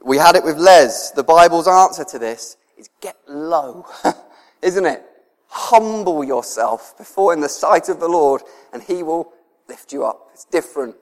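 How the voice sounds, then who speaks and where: A male preacher delivers a sermon in a relaxed, conversational way, chuckling often and sounding deeply moved. His voice sits a little higher than most men's. The sound rings with the long reverb of a church hall. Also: unhurried.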